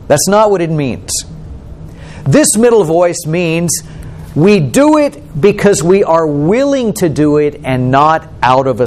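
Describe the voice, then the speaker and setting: A man's voice: fairly high pitch, a little mellow, a little hiss or hum. A male pastor preaching a sermon, explaining scripture and asking the listeners questions. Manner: questioning, explanatory, asks the congregation.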